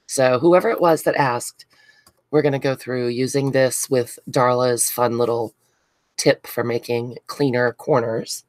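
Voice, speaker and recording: A woman's voice: rumbling low, a little slow, no room sound. A congested woman hosting a casual crafting livestream, chatting with viewers by name and gushing over what she unboxes. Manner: chatty, greets viewers by name, gushes excitedly. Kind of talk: casual live chat while crafting.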